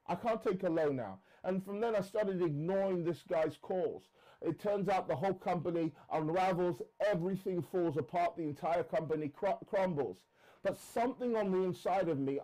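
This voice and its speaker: A man, a trading mentor, telling a personal story in an animated monologue and acting out the people he quotes. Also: rough recording. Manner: acts out quoted callers with shifts in pitch, emphatic repetition. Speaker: trading mentor speaking to camera.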